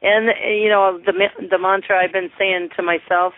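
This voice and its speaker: An older man with grandchildren, chatting eagerly and warmly as a guest on a call-in radio show. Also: sits high, level tone, moderate pace, no room sound. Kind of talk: casual call-in radio chat. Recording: tinny phone-like online call audio.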